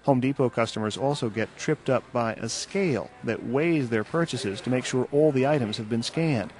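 Male news reporter, mid-pitched voice, measured scripted delivery, faint hiss. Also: a little mellow.

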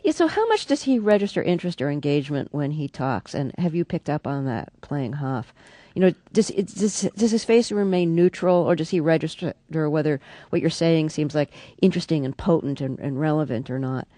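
A woman's voice: low voice, lively intonation, fairly quick, dark tone, no room sound. A woman interviewing a guest, asking thoughtful questions and rephrasing them as she goes.

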